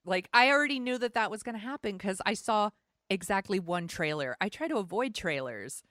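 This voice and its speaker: A woman's voice: medium pitch, a little fast, no echo, studio quality. A woman co-hosting a casual film review chat, joking and sarcastic in her asides. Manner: animated and joking, acts out quips with sarcastic asides. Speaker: podcast co-host.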